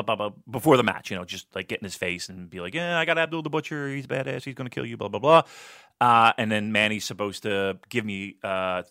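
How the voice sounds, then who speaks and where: Animated guy swearing thru a story, bright tone, dry room. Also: no echo. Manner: animated, swearing, jumps into high voices when quoting. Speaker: podcast guest telling wrestling stories. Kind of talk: casual storytelling chat.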